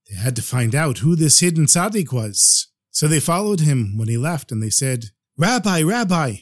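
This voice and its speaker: A man telling a story on his podcast, animated and acting out each character. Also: medium pitch.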